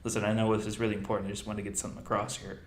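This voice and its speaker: A man's voice: on the low side, completely flat delivery, rapid-fire, a little hiss or hum, close to an everyday voice. A man voicing a fawning male wrestler who begs his boss for favor, in a roomy space. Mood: pleading.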